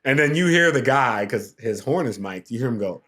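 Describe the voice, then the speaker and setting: Animated storytelling man, mid pitch. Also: a little fast, slight background noise. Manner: animated, acts out quotes and sound effects. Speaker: podcast guest, TV producer. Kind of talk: casual storytelling.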